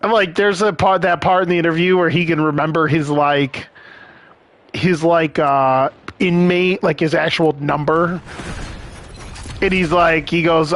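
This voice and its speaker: While gaming on stream, a young man chats in an unhurried, rambling way, cursing and laughing frequently. His slightly high, somewhat bright voice keeps fairly even intonation.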